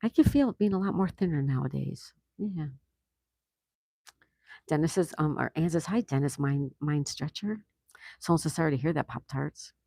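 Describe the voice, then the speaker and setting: A man's voice: fairly high pitch, normal speed, creaky, dark tone, dry recording. A man hosting a casual livestream, reading viewer comments aloud and reacting with easy laughs. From United States. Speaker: livestream host reading chat. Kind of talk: casual live chat.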